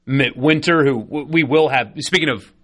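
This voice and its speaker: Man, sports radio host, bright forceful voice, chatty and opinionated. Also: medium pitch, moderate pace. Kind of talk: casual sports talk radio. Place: radio studio.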